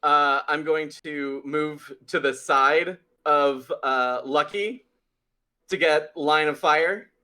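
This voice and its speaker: Bright-voiced man player. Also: on the high side, takes it slowly. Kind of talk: tabletop game play.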